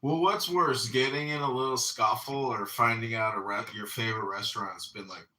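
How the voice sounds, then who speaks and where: Guy teasing his buddy, bright voice, echoey room. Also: mid-range voice, a little fast, recorded from a distance. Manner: teasing, blunt advice. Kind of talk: casual chat. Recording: roomy echo.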